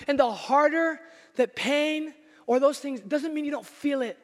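A man preaching a sermon as pastor in a church, emphatic and at times nearly shouting. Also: extremely high pitch, normal speed. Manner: emphatic, rising to near shouts. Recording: long hall reverb.

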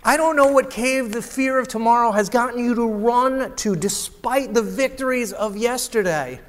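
A man preaching a sermon as a pastor, swinging dramatically between loud and hushed delivery. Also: very high voice, moderate pace. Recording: long hall reverb.

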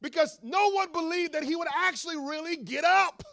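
A middle-aged man, a pastor, preaching an animated sermon with humorous asides to his congregation. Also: extremely high pitch, moderate pace, vocal fry.

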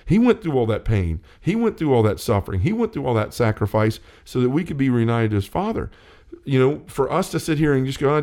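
A man of average pitch talks earnestly about faith, sounding like a preacher in a casual chat. He piles up fillers and restarts as he makes his point. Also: a little mellow. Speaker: co-host of a Catholic talk show. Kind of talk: casual faith talk, reading quotes.

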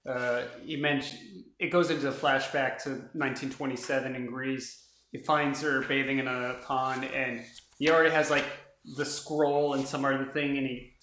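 A man's voice: mid-range voice, flat delivery, moderate pace, a bit bright, a little hiss or hum. Laid-back man, echoey room. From United States. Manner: laid-back, explains plot with filler words. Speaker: podcast co-host. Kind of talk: casual chat about a comic. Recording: roomy echo.

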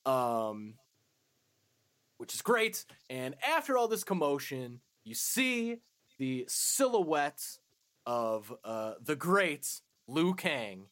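A man's voice: a little high, sing-song, takes it slowly, fairly bright tone. Casual young man recapping a film. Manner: swearing, laughing recaps with offhand quoted lines. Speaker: podcast co-host. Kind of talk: casual movie review chat.

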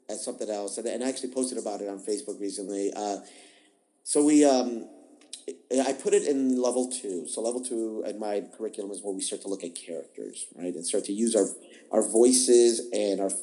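Heard through poor audio, a man with a low-leaning, mellow voice talks as a podcast guest. He's an improv teacher who responds to interview questions in an explanatory, reflective way, frequently restarting and repeating himself.

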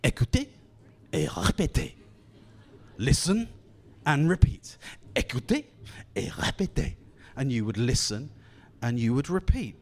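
Lively, high-voiced English preacher. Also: male voice. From England. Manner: conversational, encouraging, with repeated phrases. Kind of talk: sermon. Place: church gathering.

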